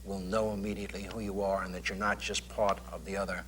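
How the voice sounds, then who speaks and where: A middle-aged man, a comedian, talking through his career in a relaxed, anecdotal way on an old television talk show. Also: sits low, fast talker, slight background noise. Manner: thoughtful, anecdotal, with clipped impressions. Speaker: comedian guest.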